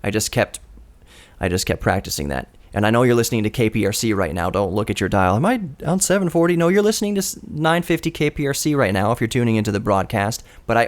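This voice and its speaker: A man in his thirties hosting his own radio show, talking alone into a studio microphone in an earnest, storytelling way with a dry, self-mocking streak. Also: lowish voice. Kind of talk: reflective solo radio monologue. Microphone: studio broadcast microphone.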